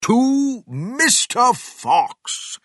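A man voicing a cautious, doubtful male badger in a storybook reading, speaking slowly and hesitantly. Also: extremely high pitch, very animated, pushed and bright, dry recording, clean studio sound, voice pushed up, heavily acted. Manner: hesitant, slow.

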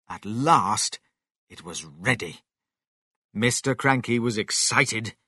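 A man reading a children's story aloud with slow, expressive narration. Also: lowish voice, husky, dry recording, clean studio sound.

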